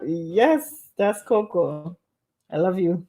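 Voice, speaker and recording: A woman's voice: fairly low pitch, sing-song, drawn-out words, darkish tone. A woman hosting a casual live stream from home, reading viewer comments aloud and laughing often. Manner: laughs often, bubbly and chatty.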